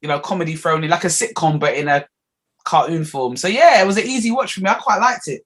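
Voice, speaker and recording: A woman's voice: fairly low pitch, quick pace, fairly bright tone. A woman co-hosting a podcast, chatting casually and animatedly with lots of fillers. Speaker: podcast co-host. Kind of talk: casual chat.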